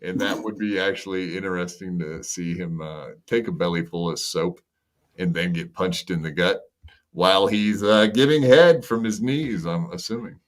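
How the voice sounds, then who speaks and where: A man's voice: deep voice, moderate pace. A man hosting a casual podcast chat, crude and joking, often trailing off with fillers. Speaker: podcast host.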